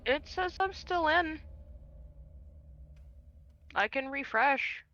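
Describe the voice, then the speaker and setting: A woman playing in a tabletop game over a call, talking in a playful, expressive way. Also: high voice, extremely slow, muffled recording. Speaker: player.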